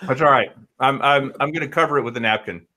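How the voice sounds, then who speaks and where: A man's voice: medium pitch, fast talker, bright, forceful tone. A man as a guest on a casual live chat show, talking in a chatty, friendly way.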